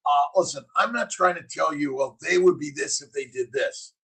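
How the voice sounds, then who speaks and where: Gravelly, husky man preaching to his chat. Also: on the high side, moderate pace, fairly bright tone, low-quality recording. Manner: preachy, punchy slogans, reads and answers chat comments. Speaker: physician hosting a morning livestream. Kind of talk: casual motivational livestream chat.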